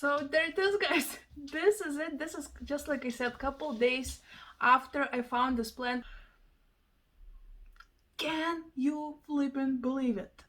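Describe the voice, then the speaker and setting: A young woman from Lithuania, a non-native English speaker, chatting excitedly to camera in a casual vlog, laughing and exclaiming to her viewers. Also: high-pitched, slow. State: out of breath. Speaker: vlogger.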